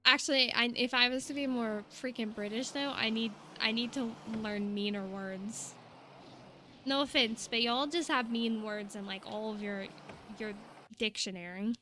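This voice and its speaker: A woman's voice: on the high side, fairly even intonation, moderate pace, pushed and bright, soft background music. A young woman, chatting casually and rambling to her stream viewers.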